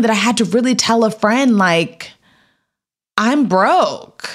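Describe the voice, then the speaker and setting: Animated woman telling her story. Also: a little high, takes it slowly. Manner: animated, acts out quotes in raised voices. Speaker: podcast guest, actress. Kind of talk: casual storytelling interview.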